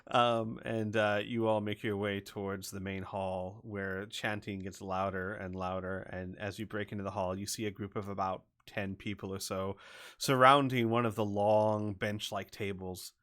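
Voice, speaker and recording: A man narrating as game master of a tabletop role-playing game, relaxed with filler words. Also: lowish voice, moderate pace, smooth.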